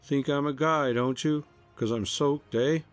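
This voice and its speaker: A man's voice: medium pitch, fairly even intonation, unhurried, soft background music, pitched above the performer's own voice, close to an everyday voice. A man voicing a surly young male messenger who sneers and snarls his words, in a storybook reading.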